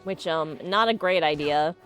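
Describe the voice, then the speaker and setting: A woman's voice: deep voice, moderate pace, a bit bright, soft background music. A young adult woman streaming a game live, chatting casually, laughing often and telling rambling stories. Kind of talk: casual live gameplay commentary.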